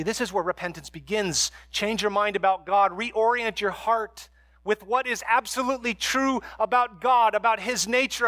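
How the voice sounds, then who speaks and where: A man preaching a sermon as a pastor, moving between hushed, quiet stretches and emphatic, raised passages. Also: sits high, no room sound, clean studio sound.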